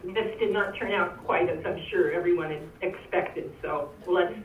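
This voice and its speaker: A woman's voice: lowish voice, moderate pace, slight background noise. A woman giving an emotional, pleading public comment at a meeting. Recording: phone-like, echoey, far from mic.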